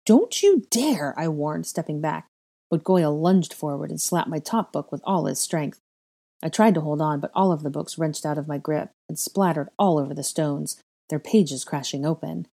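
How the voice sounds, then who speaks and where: A woman's voice: sits low, steady tone, normal speed, warm tone. A woman expressively reading a story aloud as narrator. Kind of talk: fan fiction reading.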